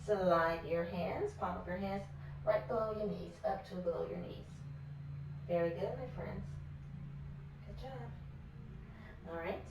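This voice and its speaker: A woman leading a kids yoga class, guiding poses gently and praising often. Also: on the low side, measured pace, long pauses. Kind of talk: guided yoga class for children. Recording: echoey room from far off with faint noise.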